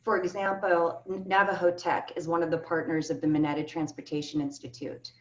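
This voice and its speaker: A woman's voice: deep voice, level tone, fairly quick. A woman speaking as a keynote speaker, answering panel questions earnestly and with emphasis over a video call. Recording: echoey, distant, dull video call audio.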